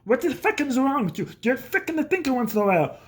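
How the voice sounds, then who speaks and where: A cranky middle-aged father who curses at everything, scolding in a gruff, raised voice, as his son puts him on. He grumbles in short, blunt complaints. The pitch sits above the speaker's normal talk. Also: sing-song, fast talker. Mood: exasperated.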